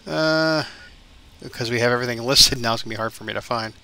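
A man's voice: medium pitch, fast talker, creaky, sharp tone. A man giving casual let's-play commentary, rambling and thinking aloud with lots of fillers. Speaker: gaming YouTuber.

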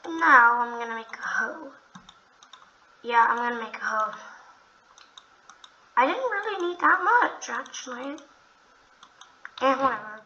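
A young woman with a high, bright voice chats her way through a video game at an unhurried pace. She is excitable, gasps at every new find and talks straight to the animals on screen. A faint hiss runs under the recording. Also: muffled recording. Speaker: gamer narrating her play. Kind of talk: casual gameplay commentary.

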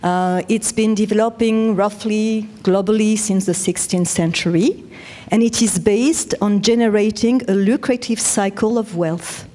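A woman with a French accent giving a measured, explanatory conference talk. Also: mid-range voice, warm tone. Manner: measured, explanatory, with self-corrections. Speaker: conference speaker.

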